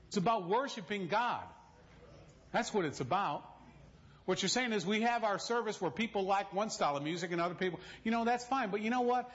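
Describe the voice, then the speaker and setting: A man's voice: sits high, fairly quick, fairly bright tone. A man preaching a sermon in a church, telling stories with direct appeals to the congregation and humorous asides. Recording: dull lo-fi recording.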